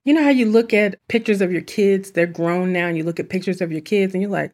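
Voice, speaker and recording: A woman's voice: on the low side, normal speed, hardly any pauses, a little mellow. A woman hosting a self-help podcast, speaking in an earnest, chatty way with asides. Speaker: podcast host. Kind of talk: reflective self-help talk.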